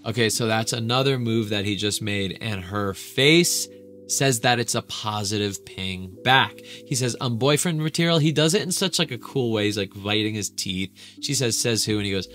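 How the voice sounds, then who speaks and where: Male relationship coach, bright forceful delivery, candid and profane reaction commentary. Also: lowish voice, normal speed, a little hiss or hum. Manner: casual, frank, swears freely.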